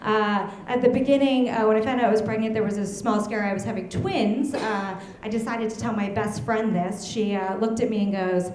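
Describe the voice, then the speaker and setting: A young woman doing a stand-up comedy set, telling stories with a deadpan edge and laughing at her own jokes. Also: on the high side, unhurried, slight background noise. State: heavily pregnant. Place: comedy club stage. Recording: roomy club echo.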